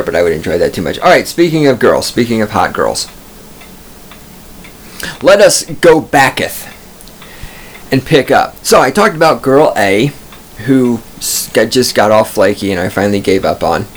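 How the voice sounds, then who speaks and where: A man's voice: fairly low pitch, lively intonation, a little fast, slight background noise. A man hosting a podcast from a studio booth, telling stories in a profane, digressive, self-amused ramble. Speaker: podcast host. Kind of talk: rambling comic monologue.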